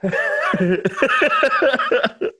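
A man's voice: very high voice, huge pitch swings, very slow, sharp tone. A man co-hosting a gaming podcast, laughing and making wry remarks. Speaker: podcast co-host. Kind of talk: casual group chat.

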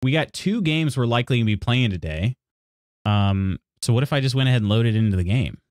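Chatty man on a lively stream. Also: medium pitch, fairly quick, dry recording, clean studio sound. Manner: rambling and apologetic, reads chat aloud; laughs often and restarts sentences. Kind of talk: casual chat with viewers.

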